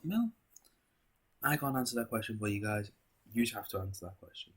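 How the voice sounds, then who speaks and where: A man with a slightly low, husky voice hosts a video, talking straight to his viewers. He muses in a philosophical monologue and keeps posing rhetorical questions back to them. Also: expressive, fairly quick, a bit bright. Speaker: video host.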